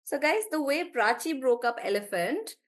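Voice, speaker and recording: A woman's voice: high-pitched, sing-song, normal speed. Chatty, encouraging woman teacher. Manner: chatty, encouraging, praising students by name; laughs often between explanations. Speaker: English teacher. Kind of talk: live online class.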